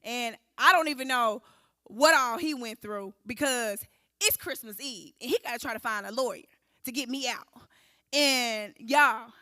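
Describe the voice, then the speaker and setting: A woman, giving an animated personal testimony at a church recovery service and acting out the voices in her story. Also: fairly high pitch, measured pace, no room sound, studio quality. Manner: animated storytelling, acting out quotes, addressing the room as y'all.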